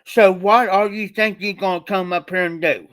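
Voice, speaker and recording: A strict middle-aged dad lays down the law in a firm, commanding voice that sits a little high, as a man puts him on while telling a story. He sounds steady and stern. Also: slow, heavily acted. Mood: angry.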